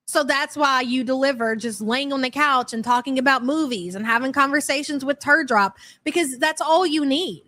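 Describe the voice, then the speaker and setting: High-voiced woman mocking on stream. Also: a bit bright. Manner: mocking, blunt, profane. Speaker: commentary channel host. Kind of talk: live stream reaction commentary.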